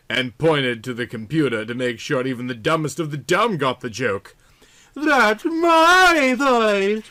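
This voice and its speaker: Man, comedic reading, dry, mock-serious, mid-pitched. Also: sharp tone. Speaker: reader. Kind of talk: comedic reading of a bad novel.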